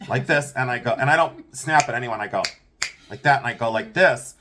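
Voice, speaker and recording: A man's voice: medium pitch, noisy background. A man hosting a vintage jewelry sale preview, chatting enthusiastically and telling a rambling story. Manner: chatty, enthusiastic, talks fast and repeats himself. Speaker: host selling vintage jewelry. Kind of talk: casual live-sale chat and storytelling.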